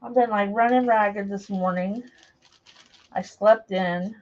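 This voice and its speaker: A middle-aged woman rambles in easy, casual chat while she crafts live, greeting viewers by name. Her pitch sits in an ordinary middle range. The sound is dull and lo-fi, like a home live stream picked up by a camera mic. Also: fairly even intonation, takes it slowly, a little mellow. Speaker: craft livestream host. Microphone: camera mic while moving around a table.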